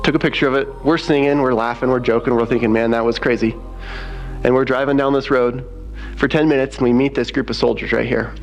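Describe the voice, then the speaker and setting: A man's voice: medium pitch, fairly even intonation, quick pace, highs cut off, soft background music. A man giving a spoken testimony as a missionary, telling his story and quoting others as he goes.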